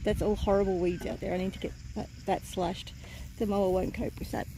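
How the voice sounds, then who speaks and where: A woman's voice: mid-range voice, steady tone, a little fast, warm tone, a little hiss or hum. A woman vlogging outdoors on her farm, chatty and rambling, tired and a bit out of breath. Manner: chatty, rambling with fillers and self-corrections. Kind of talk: casual outdoor vlog.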